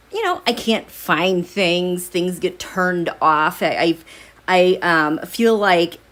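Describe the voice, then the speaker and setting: A middle-aged woman hosting a tarot and astrology livestream, chatty and excitable, a little out of breath, with stumbling restarts. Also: medium pitch. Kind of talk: casual livestream chat.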